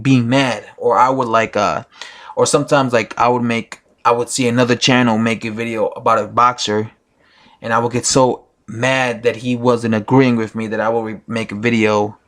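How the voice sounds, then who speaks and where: A man's voice: medium pitch, a bit bright. A man giving his opinions in a casual vlog, rambling with many fillers and restarts. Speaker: boxing YouTuber.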